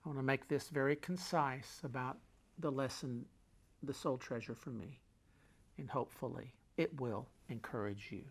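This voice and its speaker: A man's voice: mid-range voice, normal speed, breathy edge. Emphatic middle-aged man giving a pep talk. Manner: emphatic, repeats key phrases, swings loud and quiet; folksy, talks with his hands. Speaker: host. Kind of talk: motivational talk.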